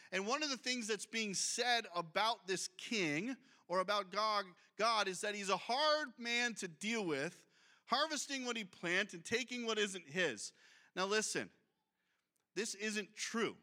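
Male pastor, high-pitched and bright, lively conversational sermon delivery. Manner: reads scripture aloud, then breaks off to comment; lively, conversational preaching with asides.

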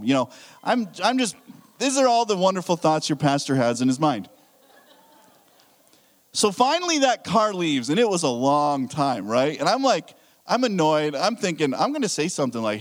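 Lively high-voiced man preaching a sermon. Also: moderate pace, long pauses. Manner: animated storytelling with acted-out inner thoughts. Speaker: pastor.

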